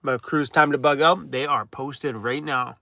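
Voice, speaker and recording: A man's voice: medium pitch, fairly even intonation, a little slow, creaky, sharp tone, no echo. A man hosting a casual livestream from inside his van, reading out viewer comments, worn out and laid-back, chuckling often and talking while chewing. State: tired, worn out. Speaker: van life vlogger hosting a live chat.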